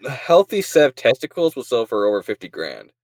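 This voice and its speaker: A man's voice: medium pitch, sing-song, brisk, darkish tone. A young man co-hosting a podcast, laughing and joking in crude casual chat. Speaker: podcast co-host.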